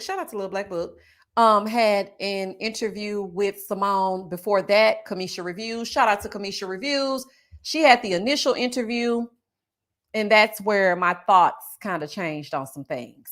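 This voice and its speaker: A woman hosting a casual reality TV recap livestream. She talks straight to her viewers, reads their chat aloud, and bursts into loud laughs. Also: mid-range voice.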